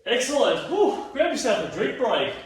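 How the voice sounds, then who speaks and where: A fitness instructor with a fairly high-pitched voice leads a home exercise class at normal speed. He sounds tired and yawns, but stays chatty and encouraging while counting reps, recorded in a very echoey room with a distant mic.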